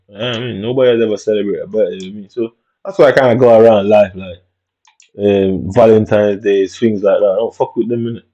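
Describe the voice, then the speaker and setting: A man's voice: lowish voice, warm tone, lo-fi sound. A man telling a long, reflective story about his childhood in casual, rambling talk, dropping "innit" throughout. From Jamaica. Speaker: vlogger.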